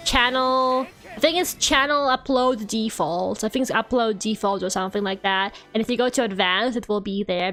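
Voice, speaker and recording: On a gaming live stream, a young woman VTuber talks in a high-leaning, fairly bright voice. The chat is casual, with plenty of ranting and a steady stream of "like"s.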